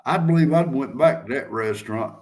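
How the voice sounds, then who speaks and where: A man's voice: medium pitch, brisk, a little mellow. An older man chatting casually as a host, telling stories in a folksy, drawling way. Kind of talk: casual chat.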